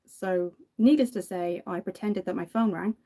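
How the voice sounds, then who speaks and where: An Irish woman in her thirties chats away while doing her makeup. She has a mellow, relaxed tone at a middling pitch and tells her stories with frequent laughs. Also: moderate pace. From Ireland. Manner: chatty storytelling, laughs often. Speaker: makeup vlogger.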